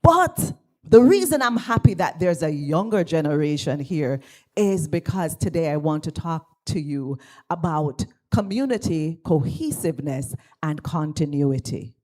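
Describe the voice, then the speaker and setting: A Jamaican woman pastor giving a lively speech at an awards ceremony in a church, drawing the audience into call and response. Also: deep voice, unhurried. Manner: animated, engages the audience, asks for call and response. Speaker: guest speaker, pastor. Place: church hall.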